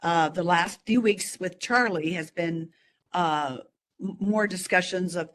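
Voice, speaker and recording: A woman's voice: lowish voice, unhurried, a little hiss or hum. A woman who leads a community language study group, speaking in a friendly, chatty way on a video call. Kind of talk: casual chat on a video call.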